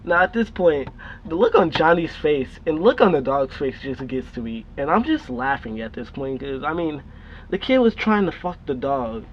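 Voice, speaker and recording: A man's voice: fairly high pitch, big pitch swings, normal speed. Young man telling a profane story. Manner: profane, laughing, rambling. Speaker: storytime vlogger. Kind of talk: casual storytelling. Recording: dull lo-fi recording with faint noise.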